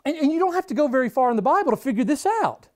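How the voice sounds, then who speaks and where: A woman preaching a sermon, stressing points by repeating them and swinging between hushed and forceful delivery. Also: high voice, big pitch swings, racing. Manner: emphatic, repeats key phrases for stress.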